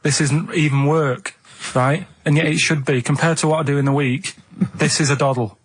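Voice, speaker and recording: A man's voice: fairly high pitch, normal speed, husky. Hesitant, grumbling man. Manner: flat, hesitant, rambling, grumbling. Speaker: radio producer and sidekick. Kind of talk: radio banter. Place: radio studio.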